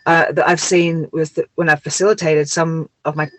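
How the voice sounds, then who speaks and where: A woman's voice: deep voice, flat delivery, normal speed, fairly bright tone, no echo, poor audio. Effusive woman host, dry sound. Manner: effusive, emotional, repeats herself. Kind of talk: casual conversation.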